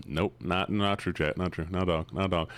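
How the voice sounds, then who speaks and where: A man's voice: deep voice, no echo, pitched below the performer's own voice. A man streamer putting on a folksy Southern cowboy voice with a twangy drawl. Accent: American Southern (put on). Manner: ain't-heavy folksy talk.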